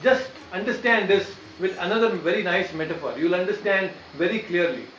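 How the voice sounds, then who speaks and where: A man gives a devotional lecture in a fairly high voice. He explains patiently and keeps checking in with his listeners. The sound is roomy and echoey, with a faint hum of ambience behind him. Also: a little fast, fairly bright tone. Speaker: preacher.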